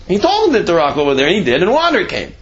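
Brief: male Torah teacher, slightly high voice, very animated delivery, dull lo-fi recording. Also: racing. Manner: animated, acts out quoted speech with shifting voice; conversational, many "you know" asides and restarts. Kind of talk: Torah class explaining Rashi's commentary.

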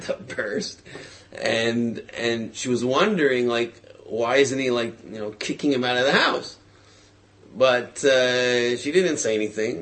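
A man teaching a religious class through a story, animated and acting out voices, with frequent fillers. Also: mid-range voice.

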